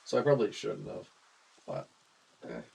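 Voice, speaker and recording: A man's voice: on the low side, very animated, moderate pace, vocal fry, darkish tone, slightly rough, low-quality recording. Chatty Australian man streaming games. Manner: chatty, laughs often, greets chat viewers. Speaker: game streamer. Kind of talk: casual live-stream chat.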